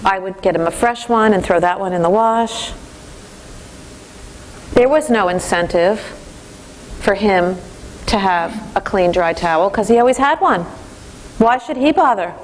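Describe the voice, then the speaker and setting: A woman's voice: medium pitch, unhurried, pauses often, a little hiss or hum, poor audio. A woman giving a parenting training lecture to a class, telling stories and acting out voices. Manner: lively storytelling, acts out voices.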